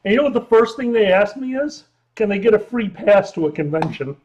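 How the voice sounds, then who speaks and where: A man guesting on a casual livestream as an improv comedian, loud, excitable and swearing freely. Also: sits high, a little fast, highs cut off. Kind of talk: casual late-night livestream chat.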